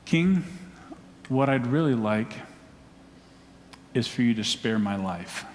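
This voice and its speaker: A man's voice: medium pitch, animated, takes it slowly, a little hiss or hum, voice pushed down. A preacher speaking as a young queen, earnestly pleading with a king to spare her people. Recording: long church hall echo.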